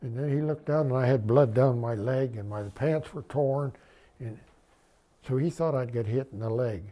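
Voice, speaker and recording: A man's voice: medium pitch, normal speed. A man in his nineties, a war veteran, telling his story in an oral history interview. He rambles, restarts sentences, adds wry humor, and lifts his voice when quoting others. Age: 90s. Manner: animated retelling, lifting his voice for quoted dialogue.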